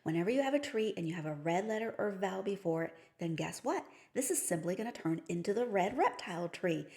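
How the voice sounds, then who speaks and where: A woman's voice: on the low side, darkish tone. A woman teaching a phonics lesson for teachers and parents, patiently explaining each step with playful story cues. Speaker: reading teacher.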